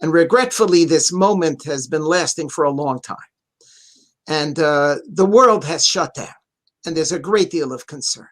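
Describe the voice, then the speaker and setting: An earnest male rabbi speaks over a video call, teaching a text with steady emphasis. He repeats his key points for weight, reads a phrase in Hebrew, and then translates it. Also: on the high side, moderate pace. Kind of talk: Torah talk in an online interview.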